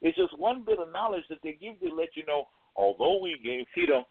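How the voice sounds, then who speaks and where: A man's voice: a little high, big pitch swings, a little fast, no room sound. Brief: blunt, streetwise male caller, slangy, tinny dry phone line. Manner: blunt, streetwise, slangy, restarts mid-thought. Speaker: caller on a talk radio show. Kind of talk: casual call-in commentary.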